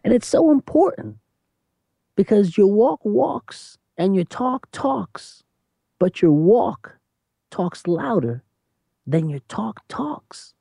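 An animated preacher who talks emphatically in conversation, laughing between points and slowing down to stress key phrases. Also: mid-range voice, creaky, no echo, studio quality. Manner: lively, emphatic, repeats "you know what I'm saying".

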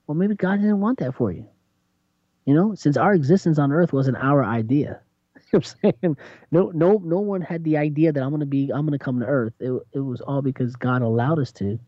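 Animated preaching man, lo-fi sound. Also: a little fast, no room sound. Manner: animated, acts out voices with big pitch jumps. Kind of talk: sermon-style conversation. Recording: dull lo-fi sound.

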